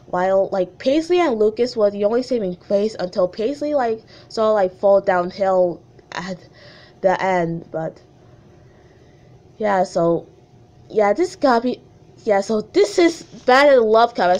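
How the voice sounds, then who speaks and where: A woman's voice: mid-range voice, expressive, unhurried, darkish tone. A woman reading her old childhood story aloud and chatting about it, full of "like" and "you know", giggly and rambling. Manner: chatty, filler-heavy, giggly. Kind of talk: casual read-aloud with commentary.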